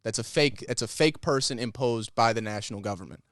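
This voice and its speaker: Dude on a podcast rambling a story, swears a lot, regular pitch, dry close mic. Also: male voice, a little fast, fairly bright tone, no room sound. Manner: rambling, profane retelling of a conversation. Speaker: podcast co-host. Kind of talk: casual comedic storytelling.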